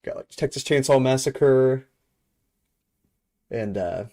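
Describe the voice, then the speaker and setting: A man's voice: medium pitch, expressive, brisk, a little mellow, no room sound, studio quality. A man streaming live, chatting with his viewers and reading aloud as he goes. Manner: chatty, reads aloud, talks to chat.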